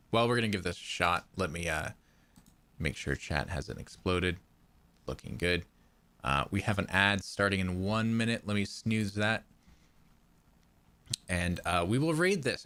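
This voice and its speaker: A man's voice: lowish voice, lively intonation, normal speed, pauses often, pushed and bright. A man with a Midwestern American accent, hosting a casual live stream and chatting with viewers, rambling with fillers and chuckles on a close mic. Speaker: livestream host. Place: home project room. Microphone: dynamic or lavalier mic, close.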